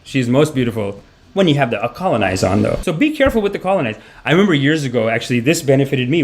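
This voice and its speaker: A man's voice: medium pitch, sing-song, quick pace, slight background noise. A man doing a comedic monologue as a mock spiritual guru, rambling and cutting himself off.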